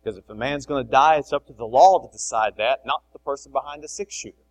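A middle-aged man preaching a sermon, animated, swinging between loud emphasis and soft asides. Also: mid-range voice, fast talker, poor audio. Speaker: pastor.

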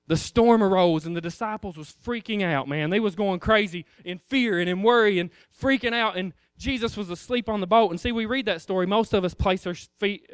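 A man's voice: sits high, clear, resonant tone, no room sound, studio quality. A man preaching an informal sermon in a conversational way, firing rhetorical questions at the congregation.

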